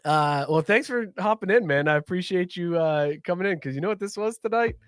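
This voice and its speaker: A man's voice: high-pitched, lively intonation, brisk. A man hosting a sports podcast in casual chat, rambling and laid-back, laughing often. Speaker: podcast host.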